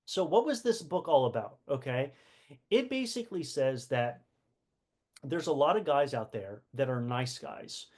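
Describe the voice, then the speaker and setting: A man leads a relaxed community book session over live stream, peppering his talk with rhetorical questions, fillers and restarts. His medium-pitched voice is a little mellow and a little slow, with lively intonation.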